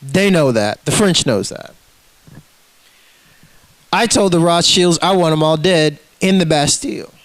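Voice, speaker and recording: A man with a high-pitched voice rants, cursing freely and calling people out. His sound is dry and close, with no room behind it. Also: lively intonation, a little slow, pauses often, no room sound, rough recording. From United States. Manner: ranting, profane, confrontational. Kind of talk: profane rant to camera.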